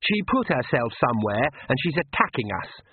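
A man's voice: mid-range voice, very animated, husky, no room sound. A man voicing a sneering young vampire woman. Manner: sneering, drawn-out sarcasm. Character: scornful young female vampire, sharp-tongued. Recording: tinny lo-fi radio broadcast.

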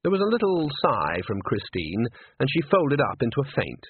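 A man reading a novel aloud in a lively, expressive narration. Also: mid-range voice, moderate pace, husky. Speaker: audiobook narrator. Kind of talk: scripted narration. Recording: dry, tinny phone-like sound.

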